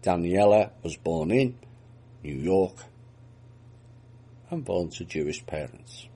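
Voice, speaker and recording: A man's voice: sits low, animated, slow pace, mellow, breathy edge. A man reading out news reports and adding dry, mocking remarks of his own between the items. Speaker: news commentator.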